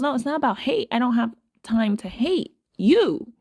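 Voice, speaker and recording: A woman's voice: on the high side, animated, moderate pace, hardly any pauses, no echo. Emphatic woman commentating, close and dry. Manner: emphatic, repeats phrases for stress. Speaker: commentary host. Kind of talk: casual commentary to viewers.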